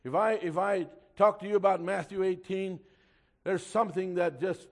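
His voice sits high and his intonation stays fairly even as he preaches to his church. Key words come out loud and slow, while scripture, read in old-fashioned wording, is delivered quietly.

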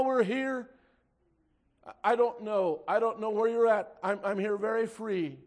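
A fervent male preacher with a high voice delivers a sermon to his congregation. He swells loud and slow on the points he stresses, then drops low and quiet to read scripture in old-fashioned wording.

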